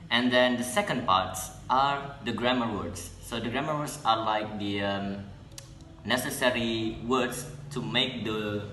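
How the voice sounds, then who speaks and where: A young Indonesian man, a student whose first language is Indonesian, explains an English lesson in an echoey classroom. His mid-range voice has a sharp tone with a slight hiss or hum, and he speaks haltingly, restarting and correcting himself as he goes.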